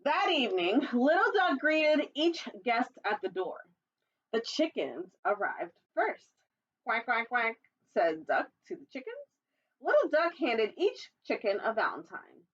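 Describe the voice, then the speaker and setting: Woman librarian, storytime read-aloud, high lively voice, playful asides, muffled lo-fi sound. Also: a little slow. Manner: playful, chatty asides to young listeners; does squeaky animal calls while reading. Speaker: children's librarian. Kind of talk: reading a picture book aloud for storytime.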